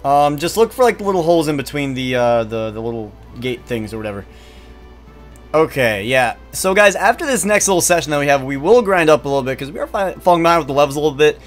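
A man hosting co-op gameplay commentary, excitable, swearing freely and bursting into loud exclamations. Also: on the high side, quick pace, faint music behind. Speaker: gaming channel host.

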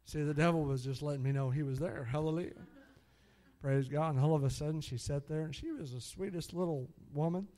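This middle-aged man's voice is a little high and a little fast as he preaches in storytelling form. He's animated, with plenty of hallelujahs and laughter at his own stories.

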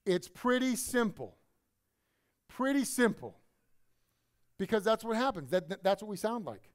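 A man preaching a sermon to his congregation in a conversational, animated way, sometimes mimicking other people. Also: high voice, unhurried. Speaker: pastor.

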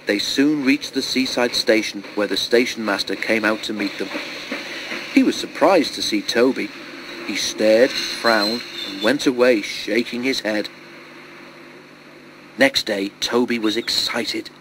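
A man reading a children's storybook aloud in a steady, expressive storytelling voice. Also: on the low side, unhurried, noisy background. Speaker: storybook reader.

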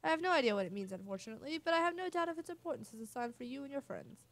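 A woman's voice: high voice, animated, rapid-fire, pitched above the performer's own voice. A woman voicing a mystical adult male fortune-teller who speaks in a solemn, portentous way.

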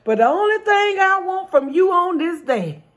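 A woman voicing an exhausted young man in a joke. He bluntly and loudly demands to know who pushed him into the water. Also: very high voice, big pitch swings, normal speed, voice pushed up. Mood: defiant. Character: exhausted young male swimmer, blunt and defiant.

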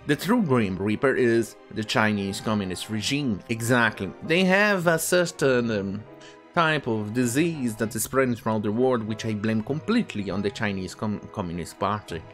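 A man reads out news stories on his own commentary channel and keeps cutting in with crude, contemptuous remarks. His pitch swings widely from line to line in a lively rant. Faint music plays underneath. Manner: profane, scornful asides while reading news aloud.

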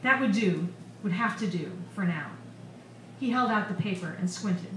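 A woman's voice: mid-range voice, moderate pace, slight background noise. Woman author, live fiction reading, roomy bar sound heard from a distance. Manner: expressive storytelling. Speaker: author reading her novel. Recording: echoey bar recorded from far off, faint ambience.

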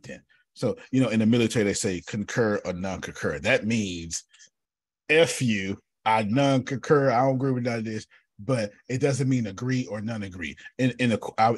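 A man with a low, husky voice leads a group session over a video call. He teaches bluntly and jokes as he calls on people by name. The sound is close and dry. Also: dry recording. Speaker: teacher and coach.

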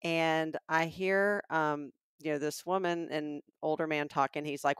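A middle-aged woman from Alabama with a Southern accent, co-hosting a podcast and telling an animated story. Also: low-pitched, measured pace, hardly any pauses, clean tone, no echo, studio quality. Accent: Southern American. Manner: animated storyteller acting out quotes. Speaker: podcast co-host. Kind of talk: casual storytelling chat.

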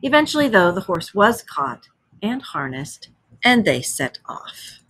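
A woman's voice: mid-range voice, big pitch swings, a little slow, fairly bright tone, breathy edge. A woman teacher reading a story aloud to children, stopping to explain words.

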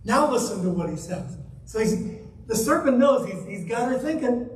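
A man's voice: extremely high pitch, expressive, normal speed. A man preaching a sermon as guest minister, emphatic and full of rhetorical questions put to the congregation. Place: church sanctuary. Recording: echoey church hall from far off.

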